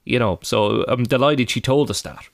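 An Irish man in his thirties talks through a casual podcast chat, rambling along with plenty of "you know" fillers. His voice sits at an ordinary middle pitch. The recording is dry and close, with no room sound. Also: moderate pace, gravelly, no room sound. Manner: rambling, chatty, frequent fillers. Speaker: podcast co-host.

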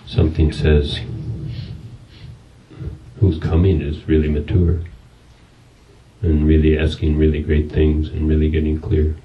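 Very deep-voiced man musing slowly. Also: completely flat delivery. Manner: slow, musing, loosely phrased with many pauses. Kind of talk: reflective talk to a retreat group. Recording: distant, dull lo-fi recording with noise.

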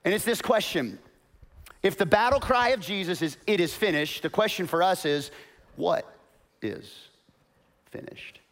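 A pastor with a high-sitting voice and moderate pace delivers a sermon in church. He starts in quiet, hushed storytelling, builds to loud proclamation, and calls on the congregation to repeat his words.

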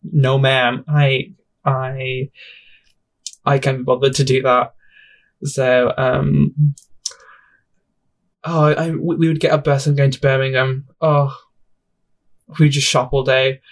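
Young guy rambling on his own podcast, giggly and self-mocking, middle pitched voice. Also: level tone, slow, long pauses. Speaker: podcast host. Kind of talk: casual solo podcast chat. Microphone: home podcast mic.

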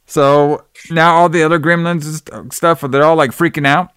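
A man's voice: on the high side, fairly even intonation, moderate pace, a bit bright, clear, resonant tone, no room sound, studio quality. A man co-hosting a podcast, recapping a film scene by scene and acting out the characters' lines. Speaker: podcast co-host.

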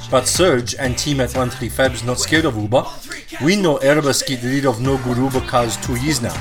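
A loud, pushy cab driver with a thick put-on Russian accent, as a man hams it up. He talks in broken English, boasting and lecturing like a comedy radio ad. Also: medium pitch, lightly acted. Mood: boastful. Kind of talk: comedy ad skit.

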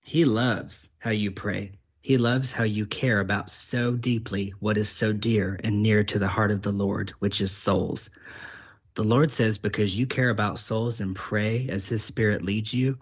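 Brief: low-pitched male prophet, earnest and repetitive, voices God in first person, dull lo-fi recording. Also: steady tone, normal speed, slightly rough. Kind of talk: delivering prophetic words.

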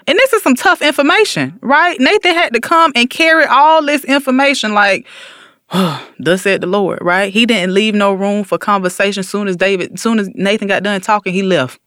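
A man casually retelling a story on a talk show, slangy and animated, acting out the quotes. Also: high voice, normal speed, smooth, no room sound, studio quality. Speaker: podcast co-host.

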